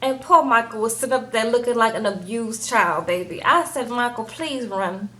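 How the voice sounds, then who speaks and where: Chatty woman with a high voice. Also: fairly quick. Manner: animated, chatty, says "okay?" and "baby" often. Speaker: TV show reviewer. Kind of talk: casual chat.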